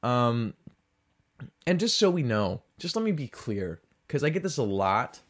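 A man's voice: medium pitch, big pitch swings, unhurried. A male podcast host rambles through a casual comedic monologue. He is loose and sarcastic, and he leans on "like" fillers as he talks.

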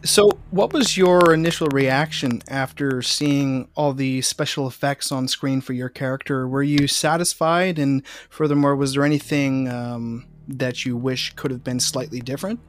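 A man interviewing a guest. He asks his questions in a measured way at a middle pitch, pausing on an occasional "um.". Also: fairly even intonation. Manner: measured, hesitant questions with fillers.

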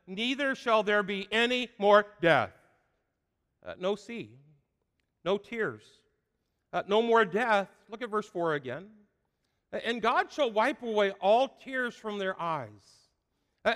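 Middle-aged male pastor, high and clear voice, emphatic repetitive sermon delivery, long reverb from a church hall. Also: a bit bright. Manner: emphatic preaching, repeats key phrases, frequent "uh" fillers.

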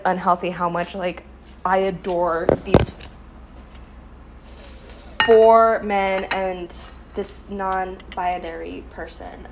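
There's a noisy background as a young woman vlogs from her kitchen, making breakfast and chatting through a profane, self-deprecating story. Her voice is medium in pitch.

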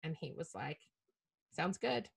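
A middle-aged woman telling a personal story as a podcast guest, animated and self-mocking, swearing casually. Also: low-pitched, measured pace, vocal fry, husky.

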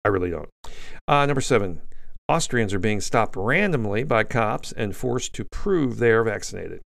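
A man with a low voice and a gravelly, fry-heavy edge delivers a blunt, indignant news commentary monologue. He rambles and restarts his sentences often. The sound is dry, with no room around it. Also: dry recording. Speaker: host.

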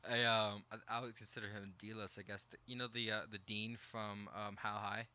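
A man's voice: on the low side, little pitch movement, normal speed, pushed and bright. A man co-hosting a casual podcast, talking in a rambling way with restarts and frequent laughter. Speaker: podcast co-host. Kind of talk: casual chat.

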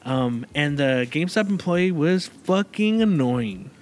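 A man's voice: a little high, lively intonation, a little slow, darkish tone. A man hosting a casual chat, telling a long story in a rambling way, with many fillers and restarts. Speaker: podcast host.

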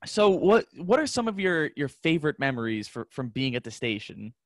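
A young adult man hosting a college radio podcast, asking questions in a relaxed way with frequent restarts. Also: a little high, moderate pace, dry recording, studio quality. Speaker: podcast host, college station manager. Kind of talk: casual interview chat.

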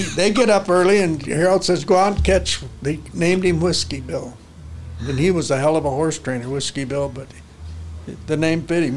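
A man's voice: fairly high pitch, a little hiss or hum. An older man, a horse trainer, telling folksy stories in casual conversation with salty ranch talk. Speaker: interview guest, horse trainer.

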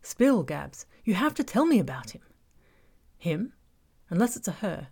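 A woman's voice: fairly low pitch, very animated, measured pace, vocal fry, darkish tone, breathy edge, pitched above the performer's own voice, exaggerated voice. A woman reading as a nosy best friend. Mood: eager prying. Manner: eager, teasing, bossy. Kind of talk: audiobook character voice.

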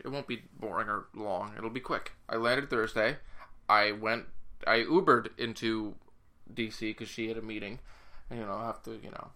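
A man's voice: fairly low pitch, bright, forceful tone. A man on a podcast casually rambling through a trip story with jokey asides. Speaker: podcast co-host. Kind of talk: casual chat.

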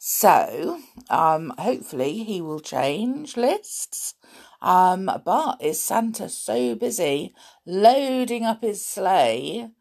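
A woman hosting a storytelling show, croaky from a sore throat, chatting playfully to young listeners. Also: fairly low pitch. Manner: playful, animated, with gasps and little laughs.

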